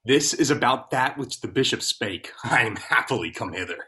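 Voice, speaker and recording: A man playing an animated courtly servant. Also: medium pitch, normal speed. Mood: earnest. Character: courtly royal servant, earnest. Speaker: stage actor. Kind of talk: Shakespearean stage acting.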